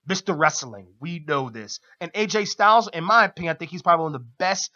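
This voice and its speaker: A man's voice: a little high, lively intonation, quick pace, bright, forceful tone, muffled recording. A man co-hosting a radio talk show, recapping wrestling in a casual, enthusiastic way and laughing often. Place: radio studio.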